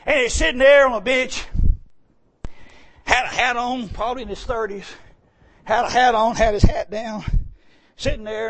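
Husky preacher man. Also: very high voice. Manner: swings from hushed to shouting, folksy. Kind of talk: sermon storytelling.

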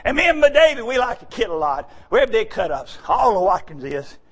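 A man preaching a folksy, joking sermon, animated and often shouting. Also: sits high, brisk, slightly rough. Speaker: church speaker.

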